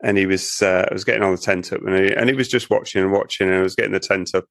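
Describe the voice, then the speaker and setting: Jokey man, low voice. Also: fairly even intonation, very fast, creaky, no room sound, clean studio sound. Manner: jokey, rambling storyteller. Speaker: podcast co-host. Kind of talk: casual chat.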